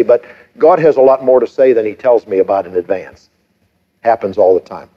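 A middle-aged man preaching a sermon, telling stories and shifting between lively and hushed delivery. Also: on the low side, highs cut off. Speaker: pastor.

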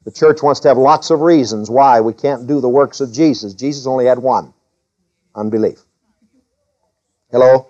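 A man preaching a sermon as a pastor, reading scripture in a lifted voice and dropping low to explain it. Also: moderate pace, pauses often, a little mellow, highs cut off.

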